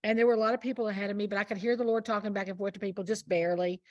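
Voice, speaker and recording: A woman's voice: mid-range voice, steady tone, very fast, a little mellow, dry recording, dull audio. A woman speaking as a guest minister in a casual faith conversation, telling a story earnestly and with emphasis.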